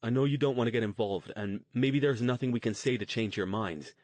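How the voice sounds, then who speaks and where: A man's voice: mid-range voice, brisk, a little mellow, no room sound, lightly acted. A man voicing an earnest young male fighter who pleads in a casual way.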